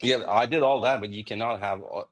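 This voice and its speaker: A man's voice: lowish voice, brisk, highs cut off. A man on a casual crypto livestream, ranting at length and cursing freely. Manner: ranting, profane, explains at length.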